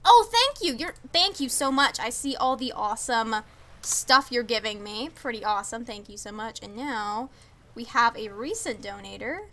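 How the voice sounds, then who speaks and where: A young woman streaming a video game, chatting casually, gushing and stammering with excitement as she thanks viewers. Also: fairly high pitch, moderate pace. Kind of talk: casual live-stream chat.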